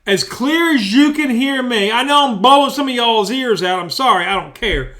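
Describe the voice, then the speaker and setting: A man's voice: extremely high pitch, lively intonation, normal speed, bright, forceful tone. A man telling a story at home in a loose, profane, rambling way into a mic. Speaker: storyteller vlogger. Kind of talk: casual storytelling. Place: indoors at home, bedroom. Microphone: studio mic.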